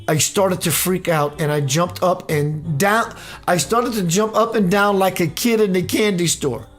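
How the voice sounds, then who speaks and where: A man reads a personal story aloud on his radio show, slow and unhurried. He often breaks into laughter between lines. Faint music plays behind him. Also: high-pitched.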